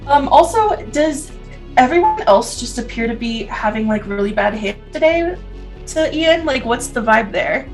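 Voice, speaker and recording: Woman tabletop player, chatty and casual, slightly high voice, faint music behind. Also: lively intonation, normal speed. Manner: casual and chatty, with frequent ums.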